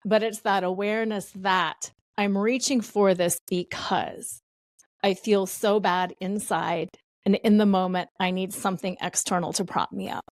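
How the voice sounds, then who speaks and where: A woman's voice: mid-range voice, fairly even intonation, unhurried, dry recording. A woman with a mid-range voice speaks as a podcast guest, recorded close and dry. She explains her points thoughtfully, building each one through repetition. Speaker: podcast guest, betrayal recovery expert. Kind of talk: reflective interview answers.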